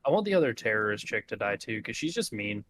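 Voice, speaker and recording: A man's voice: on the low side, big pitch swings, fast talker, a bit bright, slight background noise. A man co-hosting a podcast, joking and laughing often in casual chat. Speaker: podcast co-host.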